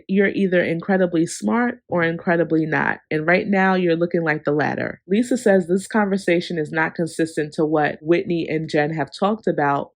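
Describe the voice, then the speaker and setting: A reviewer giving a casual, opinionated recap of a reality TV episode, talking straight to viewers with sassy asides and big animated pitch jumps. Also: no room sound.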